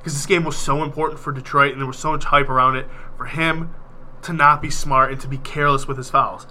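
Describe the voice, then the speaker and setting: A man's voice: medium pitch, level tone, fast, bright, forceful tone, a little hiss or hum. A congested man co-hosting a sports podcast, talking bluntly and with emphasis. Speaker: podcast co-host. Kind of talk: casual sports chat.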